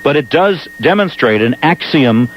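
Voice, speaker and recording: This talk radio host has a fairly high, expressive voice and a New York accent, moving at a moderate pace through monologue and calls. Pressing his points, he gets emphatic and repeats words, all captured on dull old AM radio with a faint hiss.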